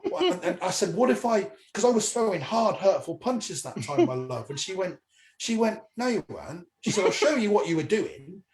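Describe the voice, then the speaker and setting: Animated high-voiced comedian telling stories. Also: male voice, a little fast. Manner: animated, acts out voices in his stories, swears freely. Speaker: comedian guest. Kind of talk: anecdotal storytelling. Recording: echoey room with faint noise.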